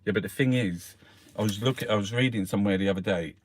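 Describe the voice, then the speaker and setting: A man's voice: fairly low pitch, quick pace. A middle-aged man, ranting in angry, heavily sworn commentary as he reviews the newspapers. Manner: angry, sweary, heated rant.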